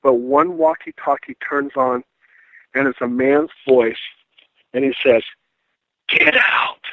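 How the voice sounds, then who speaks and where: A middle-aged man, a paranormal investigator, telling a ghost story in a casual, animated way and acting out the voices he quotes. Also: mid-range voice, unhurried, no room sound. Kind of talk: casual storytelling on a radio call-in. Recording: dry tinny phone line.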